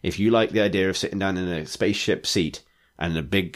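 A man's voice: deep voice, a little fast, hardly any pauses. A man co-hosting a podcast, chatting in a rambling, enthusiastic way with lots of fillers. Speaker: podcast co-host. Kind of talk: casual chat.

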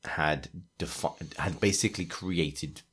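A man with a very low voice co-hosting a casual games podcast. He rambles, restarts his sentences and keeps circling back to his point in easy conversation. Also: measured pace, a bit bright, slightly rough. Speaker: podcast co-host. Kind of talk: casual chat.

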